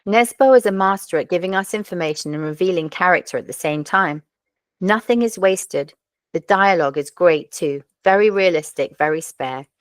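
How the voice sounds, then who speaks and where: A woman's voice: fairly low pitch, dry recording. A woman hosting a podcast, reviewing crime novels in a wry, self-deprecating scripted talk. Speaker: podcast host.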